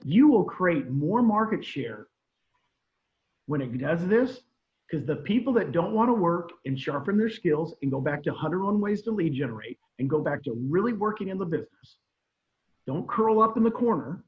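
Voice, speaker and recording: A man's voice: high voice, big pitch swings, normal speed. A middle-aged man, a guest real estate trainer, giving emphatic advice on a video call and repeating his key points. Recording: muffled video call audio.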